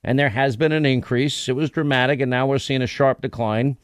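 A man's voice: mid-range voice, fairly even intonation, a little fast, clean tone, dry recording. A man hosting a talk radio show, delivering a rambling, emphatic, conversational monologue into a studio microphone.

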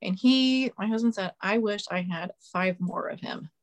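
A woman's voice: mid-range voice, moderate pace. A woman guest on a podcast, talking casually, blunt, sarcastic and opinionated.

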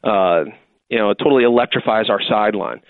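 Low-voiced man on a tinny line. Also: fast talker, no echo. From Texas. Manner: rambling, many restarts and fillers. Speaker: football player, kicker. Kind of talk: casual interview answers. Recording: dry, phone-like line.

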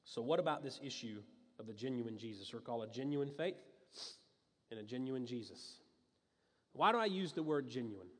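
A man's voice: medium pitch, animated, normal speed, long pauses, slightly rough. Man preaching in a reverberant hall. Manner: conversational and emphatic, with frequent restarts and asides. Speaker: pastor. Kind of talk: sermon. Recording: long reverb of a large hall.

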